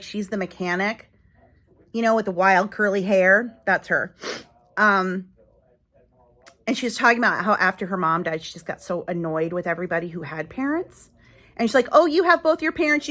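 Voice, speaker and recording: A woman's voice: medium pitch, pushed and bright. Candid, rambling middle-aged woman vlogger. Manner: rambling, candid, with many fillers. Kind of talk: casual personal vlog talk.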